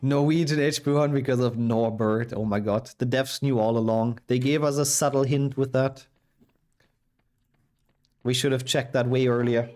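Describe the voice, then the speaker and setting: A man's voice: mid-range voice, fairly even intonation, normal speed, a little mellow. A young man with a sick voice, casually commentating his speedrun and answering chat. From Germany. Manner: chatty, reads and answers chat while playing. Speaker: speedrunner streamer.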